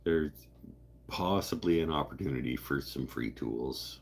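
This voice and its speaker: A man's voice: very deep voice, measured pace, breathy edge. A man hosting a live stream, chatting casually and joking as he rambles through viewer comments. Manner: rambling, joking, self-interrupting. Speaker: livestream host.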